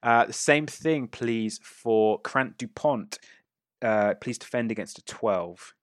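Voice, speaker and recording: A man narrating a tabletop game as game master, describing the action in a casual way with quick asides. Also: medium pitch, no echo, clean studio sound.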